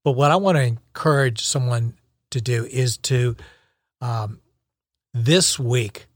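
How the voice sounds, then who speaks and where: A man's voice: medium pitch, takes it slowly, dry recording, clean studio sound. A man co-hosting a podcast in casual chat, reflective and encouraging, often restarting his phrases. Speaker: podcast co-host.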